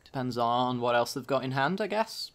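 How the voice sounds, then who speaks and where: A man's voice: mid-range voice, expressive, moderate pace, fairly bright tone. A man casually commenting on his own card game as he plays, thinking aloud about each move. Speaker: gaming channel host.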